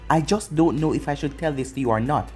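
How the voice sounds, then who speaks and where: A man's voice: on the high side, fast talker, darkish tone, faint music behind, close to an everyday voice. A man voicing an arrogant young male ninja turned traitor, smug and taunting, in a fan-made storybook reading.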